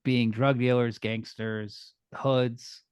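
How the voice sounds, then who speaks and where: A man from New Jersey co-hosting a film podcast in casual chat, measured and ready to push back. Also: mid-range voice, little pitch movement, darkish tone, clear, resonant tone, dry recording, clean studio sound. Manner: measured, pushes back on others. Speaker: podcast co-host.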